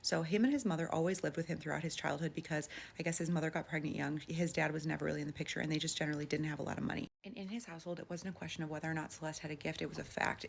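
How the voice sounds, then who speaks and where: A woman's voice: low voice, creaky, slight background noise. A woman casually retelling a paranormal story she heard, in a conversational way with lots of filler words.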